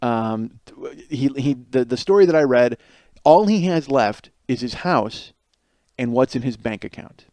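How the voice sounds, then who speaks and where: He's a forties-aged podcast host riffing alone for comedy, rambling, profane and self-mocking. His mid-range voice has a darkish tone and plenty of expression, moving a little slowly in a dry recording.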